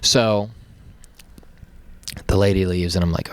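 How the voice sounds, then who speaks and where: A man co-hosting a podcast, telling a story in casual chat, animated and laughing often as he acts out quotes. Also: low-pitched, unhurried, pauses often, no echo. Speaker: podcast co-host.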